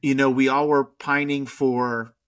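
Man, thirties, podcast host, excitable, casual chat, mid pitch. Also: measured pace. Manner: excitable, says freaking a lot.

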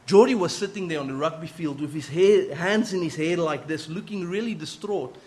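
A man preaching, telling a personal story in an earnest, animated way. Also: on the high side, a little fast. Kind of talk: sermon storytelling.

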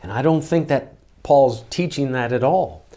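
A man preaching an expository sermon, reading scripture slowly and repeating words for emphasis. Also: mid-range voice, expressive, warm tone.

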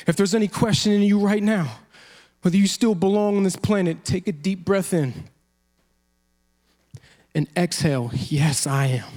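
A man preaching a sermon as a pastor, animated, acting out quotes and laughing often. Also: high voice, moderate pace, long pauses.

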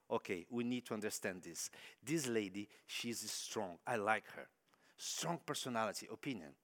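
A man preaching a sermon in English that is not his first language, telling stories with lively acted-out quotes. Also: fairly low pitch, normal speed. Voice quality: non-native English phrasing. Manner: animated storytelling, acting out quoted voices.

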